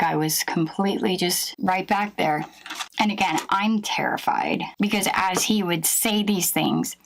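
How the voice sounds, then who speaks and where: A woman recounting a near-death experience as personal testimony, in a halting and emotional way with many pauses and fillers. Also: lowish voice, vocal fry, poor audio.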